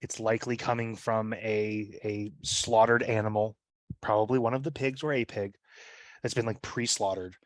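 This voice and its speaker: A man's voice: lowish voice, fairly even intonation, moderate pace, no echo. Rambling man player at a game table. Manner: rambling, with many fillers like "like" and "right?". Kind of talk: casual chat describing his character's actions.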